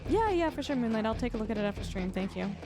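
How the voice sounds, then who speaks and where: A young woman talking through a live game stream, higher-pitched than most, chatty and quick to greet her viewers by name as she plays. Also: sing-song, music in the background.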